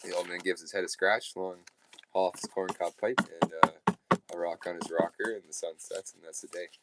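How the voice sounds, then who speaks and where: A man's voice: sits low, level tone, a little fast, very noisy. A man hosting a live radio show, telling a joke in a rambling, folksy way and correcting himself as he goes. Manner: rambling, self-correcting, peppered with "uh" and "there".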